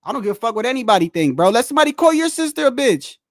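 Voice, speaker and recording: Man, high voice, casual rambling reaction talk, dry close sound. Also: sing-song, very fast, dry recording. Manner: rambling, repeats "bro", restarts often. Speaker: streamer reacting to boxing clips.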